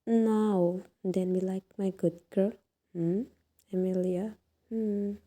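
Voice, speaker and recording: A woman voicing a heartbroken young mother who gently and quietly comforts her crying daughter on the phone. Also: on the low side, steady tone, takes it slowly. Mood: tender, soothing. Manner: soft, gentle, hushed.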